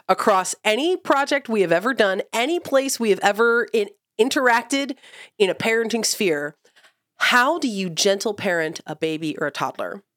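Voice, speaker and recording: A woman hosting a parenting podcast, talking in a lively, quick and joking way. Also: medium pitch, dry recording, studio quality. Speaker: podcast host. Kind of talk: casual chat.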